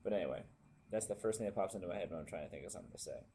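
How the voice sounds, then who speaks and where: A young man rambling casually to his webcam with many pauses and fillers. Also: low voice, lively intonation, dark tone, slight background noise. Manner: meandering, unscripted, many fillers. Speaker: vlogger.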